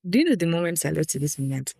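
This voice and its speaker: A woman's voice: lowish voice, big pitch swings, rapid-fire, vocal fry, warm tone, dry recording. A woman hosting her own podcast, reading a personal article aloud and breaking off into frank, emotional asides to her listeners. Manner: candid and emotional, often breaking off to address listeners directly. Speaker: podcast host.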